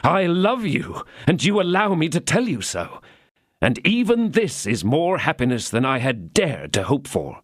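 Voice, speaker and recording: A slightly raised, lively voice for a proud young swordsman, ardent and gallant, as a male narrator puts him on. He speaks in eager declarations with a sweeping pitch, in a dry, close recording. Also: a little slow, no room sound, exaggerated voice. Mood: tender.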